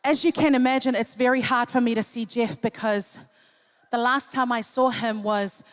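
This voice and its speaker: A woman's voice: a little high, steady tone, normal speed. A woman in her fifties doing cheeky live comedic banter as the entertainer at a charity dinner in a large hall. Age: 50s. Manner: cheeky, teasing the audience.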